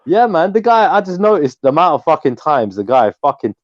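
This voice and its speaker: A man's voice: a little high, very animated, a little fast, no room sound, dull audio. A man who is a guest on a live stream, chatting casually, full of slang and swearing. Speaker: guest caller.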